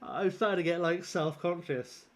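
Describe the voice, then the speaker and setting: A man's voice: sits high, steady tone, normal speed. A young man streaming a game, chatting casually in a rambling, self-deprecating way and chuckling often. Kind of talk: casual gaming livestream chat.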